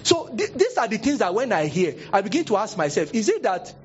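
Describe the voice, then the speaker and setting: Young Nigerian pastor, sermon, high voice swinging wide, dull lo-fi capture. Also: male voice, brisk, soft background music. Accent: Nigerian, Yoruba-speaking. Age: young adult. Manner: animated storytelling, acting out voices, sudden high exclamations.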